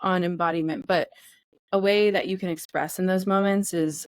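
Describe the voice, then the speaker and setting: A woman's voice: lowish voice, fairly even intonation, moderate pace, no echo. A woman co-hosting a podcast in casual chat, candid and profane, acting out feelings in quoted voices. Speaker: podcast co-host.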